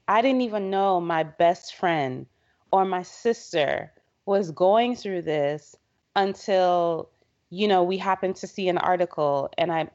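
Earnest low-voiced woman, podcast guest. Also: darkish tone. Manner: earnest, conversational, acts out quotes. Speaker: guest, head of a women's health organization. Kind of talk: casual podcast conversation. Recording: slightly dull, muffled podcast audio.

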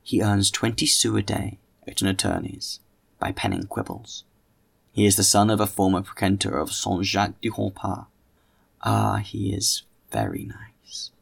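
A man voicing a fickle, passionate, gossipy young woman in an audiobook, speaking slowly and drawing out his words. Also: lowish voice, expressive, vocal fry, breathy edge, heavily acted. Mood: gossiping. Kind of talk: audiobook character reading.

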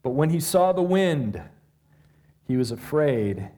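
A man preaching to a live audience, reading scripture and explaining it in a lively, conversational way with questions to the listeners. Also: on the high side, takes it slowly. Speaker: pastor.

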